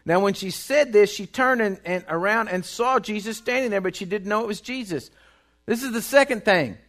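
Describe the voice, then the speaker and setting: A man preaching a sermon, swinging between loud bursts and hushed, quiet stretches. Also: sits high, normal speed. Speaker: pastor.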